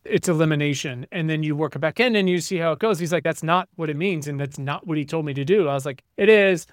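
A man's voice: a little high, fast talker, no echo, studio quality. A middle-aged man co-hosting a casual chat, telling a profane, ranting story about his kids. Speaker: podcast co-host.

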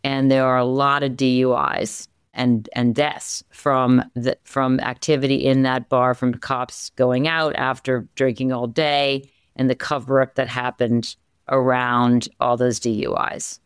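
A smooth, clear voice that stays mid-pitched but jumps up with enthusiasm as this newspaper executive from the Philadelphia area talks shop in an interview. The sound is close and dry, with no room around it. The talk is quick and full of restarts. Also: dry recording. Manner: energetic, animated, many restarts. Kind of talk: conversational interview.

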